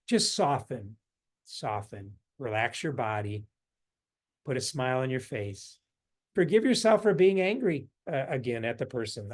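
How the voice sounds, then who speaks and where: A man leading a forgiveness workshop indoors, speaking gently with frequent chuckles and meandering asides, then softening into quiet repeated meditation phrases. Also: a little high, very animated, normal speed. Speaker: workshop leader. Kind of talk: guided meditation teaching. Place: a room indoors.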